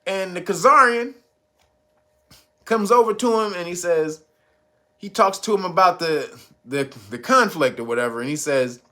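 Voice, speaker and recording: A man hosting his own channel, telling a story in casual, slangy commentary, animated and chuckling often. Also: sits high, normal speed, pauses often. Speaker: channel host.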